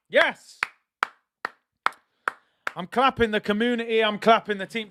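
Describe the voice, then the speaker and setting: A young man hosting a live football watch-along, reading chat and reacting loudly to the match. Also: high voice, measured pace, pauses often, clean tone, no room sound, clean studio sound. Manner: excitable, banters with chat, shouts at big moments.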